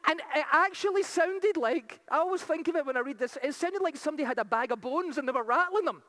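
High-voiced fervent woman preacher. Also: lively intonation, fairly bright tone. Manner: reads scripture slowly, tells stories quickly; fervent, rising to exclamations. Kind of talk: sermon.

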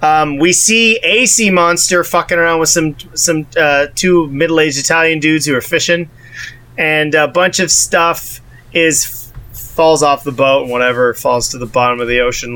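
High, bright-voiced sarcastic man. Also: measured pace. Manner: sarcastic, profane movie recapping. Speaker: podcast co-host. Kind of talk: casual chat.

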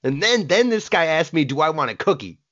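A man's voice: on the high side, big pitch swings, brisk, fairly bright tone, muffled recording. A man co-hosting a casual comedy podcast, crude and profane, laughing through his stories.

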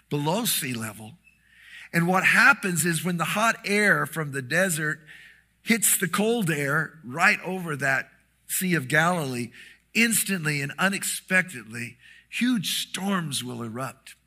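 A middle-aged man preaching a sermon, telling a story with lively animation and acting out the quoted lines. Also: on the high side. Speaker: pastor.

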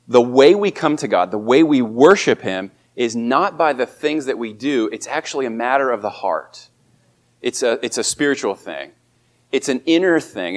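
A man preaching a sermon as a pastor, speaking earnestly and lifting his voice on emphatic lines. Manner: earnest, rises in pitch and volume on emphatic quotes.

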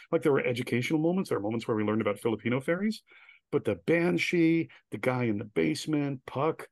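A man's voice: mid-range voice, a little fast, no room sound. A man, a guest on an interview podcast, telling stories animatedly and acting out the quoted lines. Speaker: guest, director.

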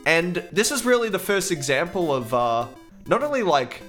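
A man co-hosting a casual video game music podcast, sounding stuffed up from hay fever, relaxed and full of fillers and laughs. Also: high-pitched, moderate pace. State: blocked nose from hay fever. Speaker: podcast co-host.

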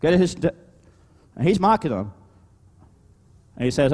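A male pastor preaching a sermon, calling out "Amen?" to the congregation and swinging between loud emphatic exhortation and quieter talk. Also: medium pitch, sing-song, slow, long pauses, breathy edge, big-room sound. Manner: preaching with call-and-response "Amen?".

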